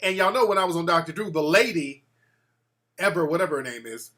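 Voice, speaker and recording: A man hosting a call-in show, telling stories in a boastful, animated way and acting out quotes. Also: a little high, fast. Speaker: show host taking calls.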